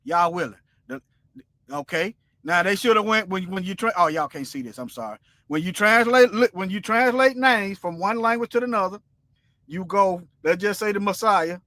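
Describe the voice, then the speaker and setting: A man teaching scripture in a loose, conversational livestream, wandering between points and pressing them home with force. His voice sits high and sounds sharp and bright. The sound is close and dry, with no room echo. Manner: colloquial, rambling, emphatic preaching. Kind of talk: informal livestream Bible teaching.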